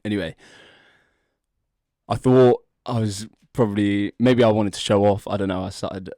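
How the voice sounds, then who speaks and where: Low-voiced man rambling through a joke. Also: fairly even intonation, moderate pace, warm tone, no room sound, clean studio sound. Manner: rambling, laughs often, drags out the setup. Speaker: podcast co-host. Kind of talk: casual chat, telling a joke story.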